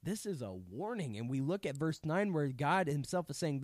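A man leading a casual Bible study, explaining verses in a conversational, animated way. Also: on the high side, normal speed, dry recording, studio quality. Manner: conversational, animated, paraphrases scripture in everyday speech. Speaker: Bible teacher.

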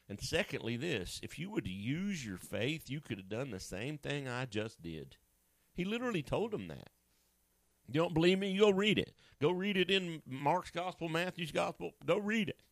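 A man preaching a sermon in a conversational, joking way, acting out people's voices with sudden high jumps. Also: very animated, normal speed, dry recording. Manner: conversational and joking, with asides to a co-host. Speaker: pastor.

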